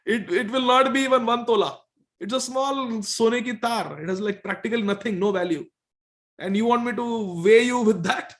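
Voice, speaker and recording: A man's voice: very high voice, moderate pace, fairly bright tone, voice pushed up. A man voicing a poor, humble male devotee who pleads that he has nothing. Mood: pleading. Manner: bewildered, pleading.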